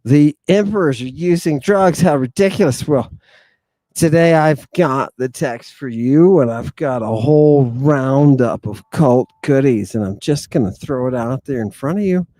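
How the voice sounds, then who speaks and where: A man's voice: medium pitch, unhurried, dark tone, dry recording. A man hosting a casual livestream, talking straight to his viewers in a theatrical way and repeating many of his lines. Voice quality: repetitive, theatrical, addresses congregation. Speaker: livestream host. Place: outdoors in the wind.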